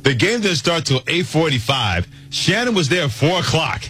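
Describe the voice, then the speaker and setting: Husky-voiced male sports radio host. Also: on the high side, sing-song, normal speed, sharp tone. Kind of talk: sports talk radio chat.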